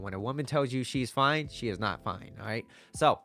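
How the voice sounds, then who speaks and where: A man's voice: medium pitch, moderate pace, creaky, hardly any pauses, a bit bright, soft background music. Man giving casual dating advice. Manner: conversational, repeats himself, coaxing. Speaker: dating coach. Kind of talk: casual advice talk to camera.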